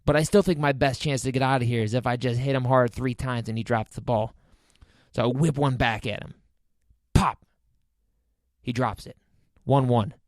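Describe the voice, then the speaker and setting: A man hosting a podcast, telling a comic personal story in an animated, incredulous, self-mocking way. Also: mid-range voice, normal speed, pauses often, no room sound, studio quality. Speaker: podcast host.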